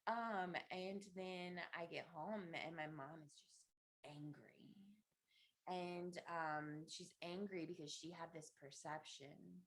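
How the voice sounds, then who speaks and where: A woman talking as a podcast guest, slowly feeling her way through a personal story with many pauses, fillers and restarts. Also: on the low side, fairly even intonation. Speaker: podcast guest, inner child practitioner. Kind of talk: casual podcast conversation.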